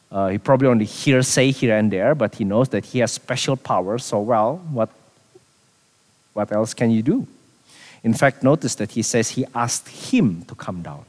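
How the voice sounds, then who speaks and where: A man preaching a sermon as a pastor, animated, repeating himself and dropping quiet for emphasis. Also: mid-range voice, in a large hall.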